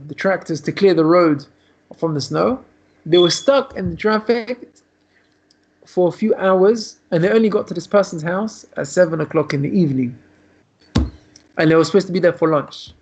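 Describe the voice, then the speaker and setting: A man, a rabbi, teaching a lesson by telling a story in a loose, run-on way over a video call. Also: fairly high pitch. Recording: dull lo-fi video call audio.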